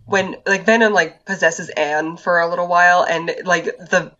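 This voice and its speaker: A woman co-hosting a podcast in casual chat, laughing often and mimicking characters in a squeaky voice. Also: fairly even intonation, moderate pace, bright, forceful tone, lo-fi sound. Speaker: podcast co-host.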